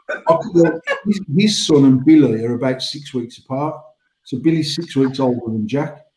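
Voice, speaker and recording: A man's voice: mid-range voice, normal speed, mellow, reverberant, slight background noise, poor audio. A British man in his forties telling rambling stories in casual banter, swearing freely. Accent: British English. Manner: rambling storytelling, frequent swearing. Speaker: podcast host.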